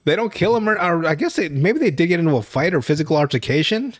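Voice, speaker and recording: Podcast co-host, man, slightly higher voice, animated and profane, laughs often. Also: fast talker. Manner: laughing, profane, excitable retelling with loud mock shouting. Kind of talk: casual chat.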